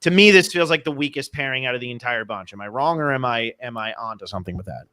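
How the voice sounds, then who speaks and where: A man from New Jersey hosts a casual podcast chat and gives his opinions freely, often making fun of himself. His voice is bright and forward. He jumps into quick asides. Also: mid-range voice, animated. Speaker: podcast host.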